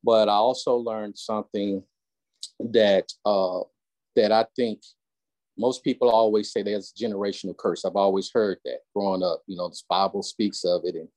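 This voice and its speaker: A man with a Southern US accent on a group call, explaining step by step with halting restarts. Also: lowish voice, steady tone, darkish tone. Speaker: caller.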